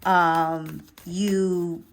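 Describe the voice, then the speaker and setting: A woman giving a casual, unedited tarot reading to camera. She chats directly to her viewers, often checks in with "okay?", and her pitch and loudness swing widely as she talks. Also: extremely slow, creaky. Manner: chatty, animated, addresses viewers directly with frequent "okay?". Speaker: tarot reader.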